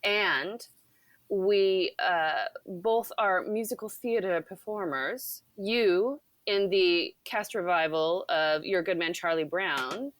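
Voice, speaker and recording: A woman's voice: on the low side, slow, no echo. A woman hosting a podcast, chatting in a bubbly way and laughing often. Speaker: podcast host. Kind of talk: casual podcast conversation.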